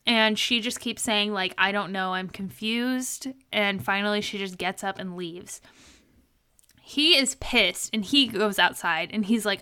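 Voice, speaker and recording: Young female podcast co-host, bright mid-pitched voice, lively retelling with quotes and giggles. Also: unhurried, smooth. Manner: animated storytelling, quoting people with laughs. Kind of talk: casual recap chat.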